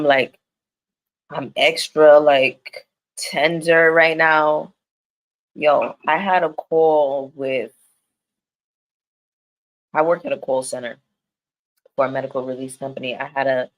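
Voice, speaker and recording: A woman's voice: sits low, fairly even intonation, a little slow, pauses often, poor audio. A woman reviewing reality TV on a live stream, talking straight to her viewers in a candid, slangy and profane way. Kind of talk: casual live-stream chat.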